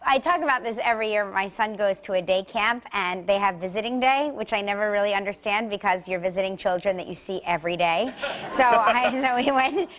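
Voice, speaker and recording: A woman in her forties hosting a TV talk show, bubbly and excitable, chatting and laughing often. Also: medium pitch, a little fast. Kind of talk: casual chat. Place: TV studio.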